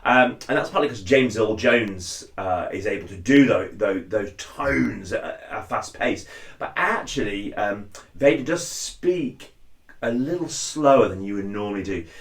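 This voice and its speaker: A man's voice: lively intonation, unhurried. A man, casually explaining a cosplay voice technique and chatting as he demonstrates. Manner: chatty, drops into deep impressions of lines. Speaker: cosplayer giving a tutorial. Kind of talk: casual spoken tutorial. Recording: echoey room.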